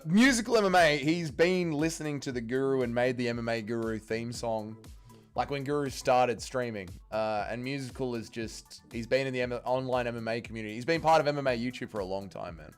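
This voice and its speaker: A man's voice: mid-range voice, clear, resonant tone. A man hosting a casual watch-along livestream, reading chat aloud and joking crudely, swearing freely. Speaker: livestream host.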